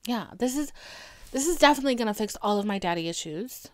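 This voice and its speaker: A woman's voice: a little high, lively intonation, quick pace, a little mellow, no room sound, studio quality, lightly acted. A woman playing an insecure, self-pitying rich man who craves praise, in a sarcastic first-person retelling.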